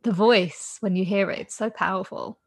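Woman host, a bit husky, mid pitch, chatty. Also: fairly even intonation, moderate pace. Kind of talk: conversational interview.

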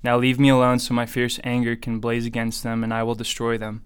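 A man voicing the Lord as a stern, almighty male God, with an even, measured reading delivery. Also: medium pitch, clear, resonant tone, lightly acted.

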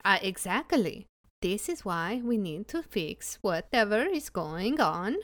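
A woman takes part in a tabletop role-playing game, talking persuasively and quickly in character. Her voice sits at a middle pitch. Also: very animated, dry recording. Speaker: player.

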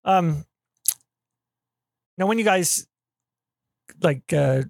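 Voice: medium pitch, expressive, extremely slow, creaky, no room sound, studio quality. A podcast host asking questions in a casual interview, enthusiastic and rambling, full of exclamations.

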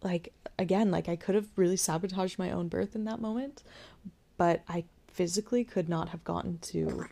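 A young woman hosting a podcast, candidly telling a personal story with whispered asides and soft laughs. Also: lowish voice, moderate pace, vocal fry. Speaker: podcast host sharing her birth story.

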